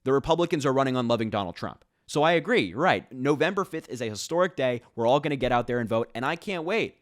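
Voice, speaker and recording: A man's voice: medium pitch, lively intonation, fast. A man giving casual political commentary in a sarcastic, mocking way.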